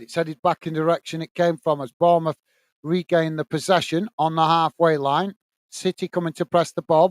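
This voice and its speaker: A man from the UK hosts a live football watch-along, giving a steady running commentary on the match. His voice sits a little high and sounds smooth and clear. The recording is dry and close, with no room sound. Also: no room sound. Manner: steady play-by-play, lifts pitch when greeting viewers.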